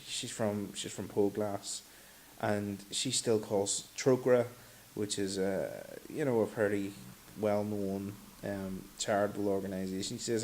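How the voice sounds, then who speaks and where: A man with a low voice talks in an easygoing, reflective way as a podcast guest. Faint hiss sits under the recording. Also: unhurried. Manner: relaxed, reflective storyteller. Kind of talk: casual chat.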